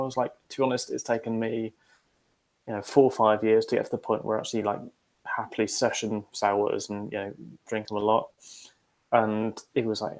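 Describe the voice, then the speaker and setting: A man's voice: on the low side, flat delivery, fairly quick, darkish tone, poor audio. A man co-hosting a casual podcast chat, telling a long story loosely with many fillers and restarts. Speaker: podcast co-host.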